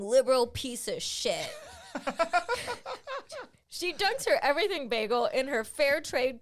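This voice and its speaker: A young woman reads her comic screenplay in a deadpan narrating voice, the stage directions delivered flat and dry. Her voice sits fairly high for a woman. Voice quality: deadpan narration broken by laughter. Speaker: comedian reading her own script. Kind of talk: comic script reading.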